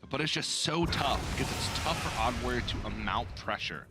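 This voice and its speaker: A man doing color commentary on a card game tournament, animated and quick to laugh. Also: mid-range voice, loud music behind the voice. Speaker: esports co-caster.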